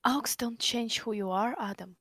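A woman voicing a young woman scientist in a rehearsal read, pleading gently with her cyborg ex. The delivery is stiff and halting, in a high, dry voice. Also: breathy edge, no room sound. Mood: subdued. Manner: flat, halting line reading.

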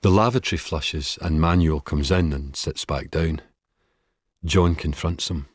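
A man narrates an audiobook in a very deep, husky voice. He reads slowly and steadily, recorded close and dry. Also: no room sound.

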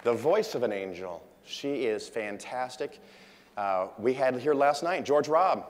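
A man's voice: medium pitch, animated, a little slow, slight background noise. Chatty man speaking in a reverberant hall. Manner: chatty, jokey, acts out quotes. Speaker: conference speaker. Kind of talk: casual conference talk. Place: large conference hall.

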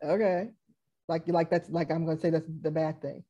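A woman hosts a casual panel discussion in a mellow, somewhat low voice. She speaks frankly and emphatically, and she repeats her key points to land them. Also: fairly even intonation, normal speed, muffled recording. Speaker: panel host.

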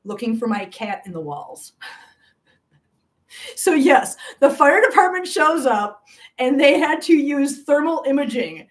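A woman hosting a cat channel live stream, telling a long story to viewers in a chatty, animated way and laughing often. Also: high-pitched, measured pace, distant mic.

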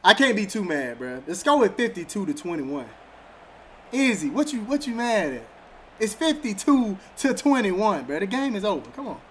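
Excitable high-voiced gaming guy. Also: normal speed, slight background noise. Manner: excitable, trash-talking, laughs often. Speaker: gaming YouTuber. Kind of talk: live gameplay commentary.

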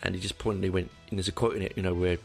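A very deep-voiced man with a gravelly, creaky edge talks through a casual solo podcast episode. He rambles, doubles back on himself often and swears offhandedly. Faint guitar music plays underneath. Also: little pitch movement, very fast. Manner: rambling, with frequent restarts and swearing. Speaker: podcast host.

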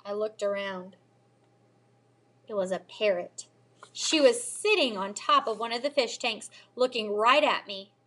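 A woman teacher reading a children's novel aloud in an expressive storytelling manner. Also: a little high, measured pace. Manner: expressive storytelling, lively character voices.

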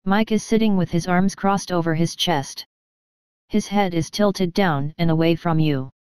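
A woman reads a training lesson in measured, scripted narration. Her voice is very smooth and clear, a little low-pitched, and recorded close with no room sound at all. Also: a little mellow, no room sound. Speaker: course narrator.

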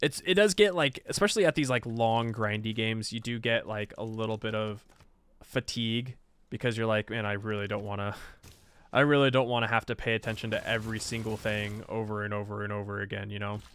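A man's voice: on the low side, fairly even intonation, a little fast, a bit bright, clear, resonant tone. A man casually commenting on his own strategy gameplay, chatty and self-mocking, laughing often. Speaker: game streamer.

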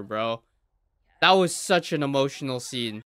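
A man hosting an anime reaction with a lively pitch that jumps and swoops with each surprise. He talks at an unhurried pace, breaking into sudden exclamations and casual swearing. The sound is close and dry, with no room around it. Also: no echo. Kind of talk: live reaction commentary.

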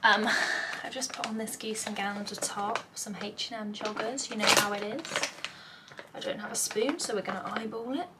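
Heavy background noise surrounds a young English woman's casual, chatty vlog recorded indoors at home. Tired and overwhelmed, she rambles in run-on lists full of "like" fillers, her medium-pitched voice fairly even at a normal speed.

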